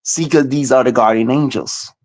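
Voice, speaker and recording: A man talking as a guest in casual, animated chat, full of cursing, laughs and quick asides. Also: mid-range voice.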